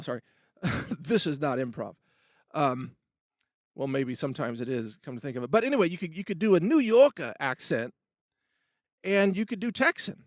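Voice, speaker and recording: A man's voice: on the high side, no echo, clean studio sound. A middle-aged man hosting his own show, giving an emphatic opinion monologue that rambles with restarts and asides. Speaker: host of a video commentary show.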